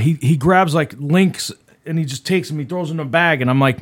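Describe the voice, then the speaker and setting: A man's voice: a little high, fairly quick. A man co-hosting a casual podcast, telling a rambling, profane story. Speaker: podcast co-host.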